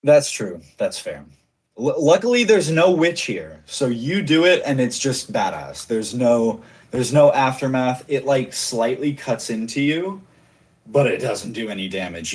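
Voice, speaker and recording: A man runs a tabletop role-playing game as game master, narrating in a casual, playful way. He chuckles easily and talks at a mid pitch. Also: lively intonation, a little slow, a little mellow, husky.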